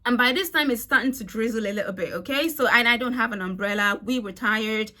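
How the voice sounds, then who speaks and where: A young woman telling a storytime vlog in a chatty, animated way, swearing freely. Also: a little high, a little fast. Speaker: vlogger. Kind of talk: casual storytime.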